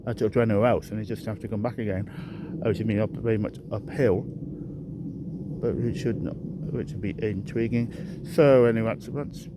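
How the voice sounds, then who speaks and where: A man's voice: lowish voice, steady tone, fairly quick, noisy background. Rambling man vlogging on a walk. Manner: rambling, self-correcting, chatty. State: out of breath from climbing. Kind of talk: rambling walking vlog. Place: outdoors, hilly park walk.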